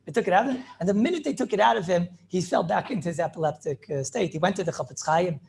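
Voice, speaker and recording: Gravelly-voiced rabbi telling stories. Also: male voice, high voice, fast, a little mellow, a little hiss or hum. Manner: retells stories with many repeated phrases and restarts; mixes in Yiddish and Hebrew words. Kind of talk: inspirational storytelling talk.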